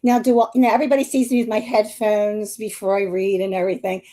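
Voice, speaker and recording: A woman with a mid-range, warm voice talks fast in a level tone. She's a psychic medium hosting a live stream, tearfully telling a long personal story that rambles, restarts often, and wanders into asides to her viewers.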